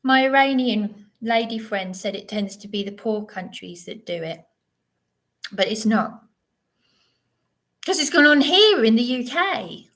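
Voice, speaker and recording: A woman's voice: a little high, expressive, measured pace, pauses often, a bit bright. A woman, hosting an unscripted livestream monologue, rambling and digressive with many restarts. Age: 30s. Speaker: livestream host.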